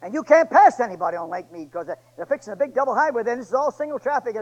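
A man with a fairly high voice delivers a sermon. His folksy, colloquial storytelling swings from booming declarations to hushed asides. The sound is muffled and lo-fi, like an old church tape. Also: lively intonation, rapid-fire. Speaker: preacher.

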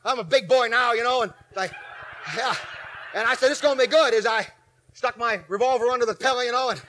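A man in his forties preaching a sermon, telling a story with animated swings from shouts to low asides. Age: 40s. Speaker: pastor.

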